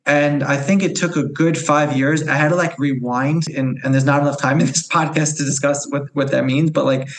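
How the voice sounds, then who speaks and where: A man in his forties from New York, speaking as a podcast guest in a fairly high voice. He tells a personal story earnestly and candidly. He often doubles back on his words as he finds them. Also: steady tone, brisk, reverberant, low-quality recording.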